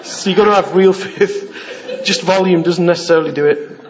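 A man's voice: high-pitched, steady tone, moderate pace. A middle-aged man preaching an informal, jokey sermon and acting out the voices he quotes. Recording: dull lo-fi sound.

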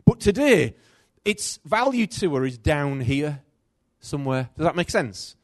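Unhurried, a middle-aged man gives a sermon that includes a personal story, his volume alternating between loud and soft. There's lively movement in his pitch. The recording sounds close and dry, with no echo.

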